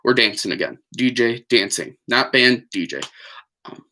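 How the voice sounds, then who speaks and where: Bright-voiced rambling male vlogger. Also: mid-range voice, expressive, moderate pace, slight background noise. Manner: chatty, digressive, many fillers and apologies. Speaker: vlogger on a live stream. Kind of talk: rambling casual storytelling.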